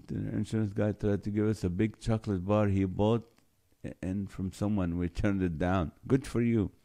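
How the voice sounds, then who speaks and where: Guy hosting a live stream, slightly low voice, reads comments and keeps cracking up. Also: mellow. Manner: jokey, laughs often while reading. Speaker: host reading viewer comments. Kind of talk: casual live-stream chat.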